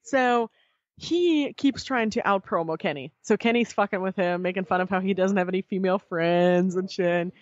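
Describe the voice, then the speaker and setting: A woman guest on a podcast, telling a story in casual chat, animated and swearing freely as she acts out what others said. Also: medium pitch, normal speed, no room sound, muffled recording.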